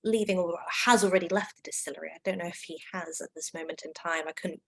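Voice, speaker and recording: A woman hosting an online whisky tasting in a relaxed, chatty way. She gushes with enthusiasm, tripping over fillers and restarts. Her voice sits a little low for a woman. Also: fast, husky, rough recording. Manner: enthusiastic, gushing, many fillers. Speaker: whisky brand ambassador. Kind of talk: casual online tasting chat.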